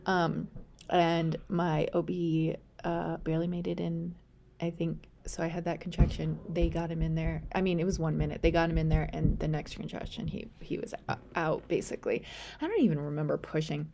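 A woman's voice: deep voice, level tone, normal speed, gravelly, warm tone, slight background noise. A young woman podcast host telling a personal story in a chatty way, full of fillers, sometimes dropping to a whisper.

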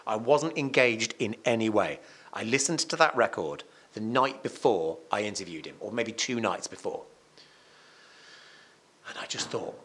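A man, a radio presenter and songwriter guesting on a podcast, telling a story in an animated, emphatic way, restarting and repeating himself often. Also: medium pitch, normal speed. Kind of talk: casual conversational storytelling.

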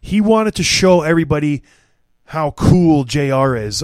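A man's voice: a little high, lively intonation, measured pace, a little mellow, no room sound. A man co-hosting a casual podcast, ranting bluntly and with open mockery about the people he discusses. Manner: blunt, opinionated, mocking ranter. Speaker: podcast co-host. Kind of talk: casual hockey podcast chat.

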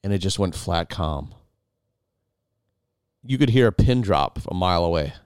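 A man's voice: low-pitched, expressive, normal speed, a little mellow, smooth, dry recording, clean studio sound. A man hosting, animatedly retelling a dramatic story to his wife with many restarts. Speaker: podcast host.

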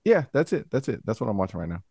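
A man with a low, gravelly voice chats in a jokey, animated way. His pitch swings widely as he gets going, and the sound is dry. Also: fast talker, no room sound. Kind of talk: casual chat.

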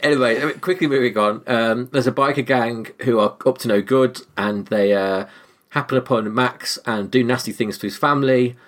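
A man's voice: mid-range voice, normal speed. A man hosting a casual film podcast, leading the talk and laughing often. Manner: lively, laughs often, leads the segments. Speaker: podcast host.

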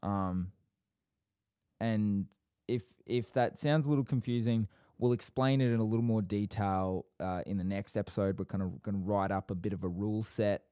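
A man co-hosting a casual podcast chat, talking quickly and rambling through asides. His voice sits low, with a dark, mellow tone. It is close-miked and dry, with no room sound. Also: smooth, no room sound. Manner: fast, rambling, with frequent fillers and asides. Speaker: podcast co-host.

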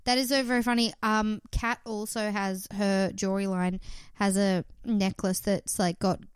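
A woman's voice: medium pitch, little pitch movement, moderate pace, clear, resonant tone, no room sound. A young woman co-hosting a podcast, chatting casually with dry, sarcastic asides. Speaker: podcast co-host. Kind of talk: casual chat.

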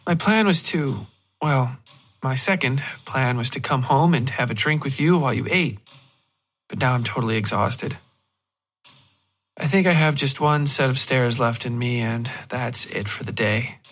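A man voicing a young woman who is teasing and weary, in a dark audio story. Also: medium pitch, normal speed, close to an everyday voice.

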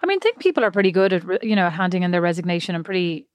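A woman's voice: lowish voice, sing-song, racing, dry recording. An Irish woman co-hosting a podcast, telling workplace stories in a wry, chatty way. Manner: storytelling, wry, laughs easily. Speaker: podcast co-host. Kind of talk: casual chat.

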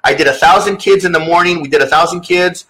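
Bright-voiced man, earnest and rambling. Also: on the high side, fast, low-quality recording. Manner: earnest, rambling with many restarts. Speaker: guest author. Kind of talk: casual interview chat.

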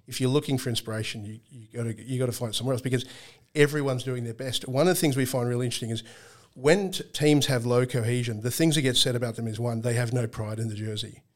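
A man talks sport in a relaxed podcast. He explains things in long runs, often restarts his sentences and slips in dry jokes. His voice sits at an ordinary middle pitch for a man. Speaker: guest analyst on team performance. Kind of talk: casual podcast chat.

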